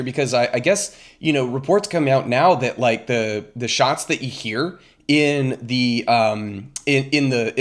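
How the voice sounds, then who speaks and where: A man hosting a casual political reaction commentary, exasperated and chatty. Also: mid-range voice. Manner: exasperated, chatty, with frequent fillers.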